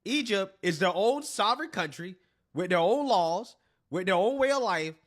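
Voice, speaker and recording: A man's voice: sits high, expressive, moderate pace. A man hosting a reaction commentary, blunt and swearing freely, laughing between phrases. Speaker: commentary channel host.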